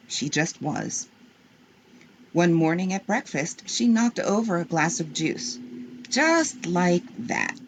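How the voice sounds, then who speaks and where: Woman reading kids' books aloud, slow, husky and gravelly, very expressive. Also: lowish voice, slight background noise. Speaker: storyteller.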